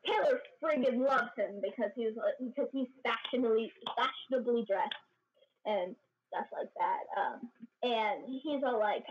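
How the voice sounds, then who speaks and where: A woman streamer telling a story in a casual, giggly, rambling way over voice chat. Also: on the high side. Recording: dull lo-fi voice chat.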